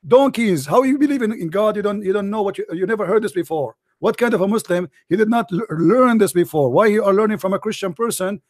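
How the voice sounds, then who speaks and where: Male debate host, hoarse, high pitch, taunting and repetitive. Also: quick pace, hardly any pauses. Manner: mocking, combative, repeats himself. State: losing his voice. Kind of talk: heated call-in debate.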